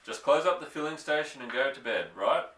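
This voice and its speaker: A man reading a storybook aloud, voicing a calm, plain-spoken father. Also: medium pitch, fairly quick, far from the mic, pitched above the performer's own voice, natural voice. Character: steady working father, man. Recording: echoey room, voice off-mic.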